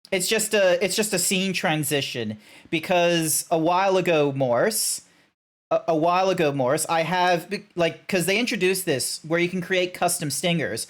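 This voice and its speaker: Rambling, swearing male streamer. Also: on the high side. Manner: rambling, swears, many fillers. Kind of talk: casual live-stream rant.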